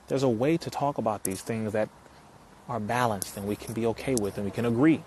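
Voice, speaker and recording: A man's voice: lowish voice, fairly quick, darkish tone, slight background noise. A man hosting a casual live stream, talking straight to viewers in an emphatic way, repeating lines for effect and answering comments as they come in.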